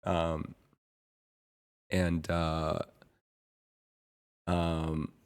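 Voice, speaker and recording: Low-voiced man chatting on a livestream. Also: completely flat delivery, smooth. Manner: rambling, halting, many fillers and restarts. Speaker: streamer. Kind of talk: casual live-stream chat.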